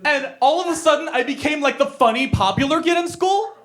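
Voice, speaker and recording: A young man born in Korea telling stand-up stories on stage, animated and quick to jump into character voices. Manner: animated storytelling, jumps into high squealing character voices. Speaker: stand-up comedian. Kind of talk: stand-up comedy set. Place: comedy stage with audience.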